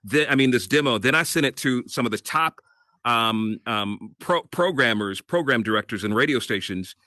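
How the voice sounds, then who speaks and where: Bright-voiced man telling his story. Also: medium pitch, normal speed, no echo. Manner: animated storyteller, laughs often. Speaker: guest, radio host and voiceover artist. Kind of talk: casual interview storytelling.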